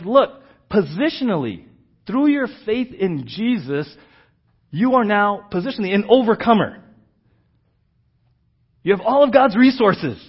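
A man preaching a sermon in a fairly high voice, moving from a casual story into emphatic teaching. The sound is dull and lo-fi. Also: slightly rough. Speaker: pastor.

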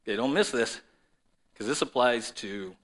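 A man preaching a sermon to a congregation and viewers at home, swinging between loud declarations and soft, low asides. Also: moderate pace. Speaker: pastor.

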